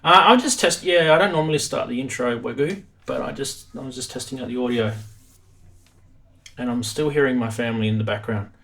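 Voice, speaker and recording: A man's voice: mid-range voice, fairly quick, fairly bright tone. An Australian man hosting a live stream from his home studio, chatting casually in a self-deprecating way.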